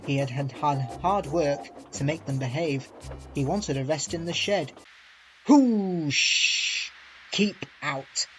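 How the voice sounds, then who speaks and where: A man narrating a children's railway storybook in a measured, expressive reading. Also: fairly high pitch. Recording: dull lo-fi with faint music.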